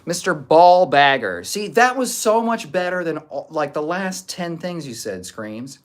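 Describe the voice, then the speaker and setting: A man's voice: fairly high pitch, sing-song, a little slow. A man hosting a livestream, reading out viewer comments and answering trolls with dry, teasing sarcasm. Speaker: livestream host. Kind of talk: casual chat reading live comments.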